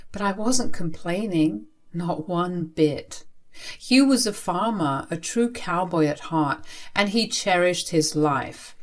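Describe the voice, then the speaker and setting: A young woman telling a first-person story in an emphatic, expressive way. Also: fairly low pitch.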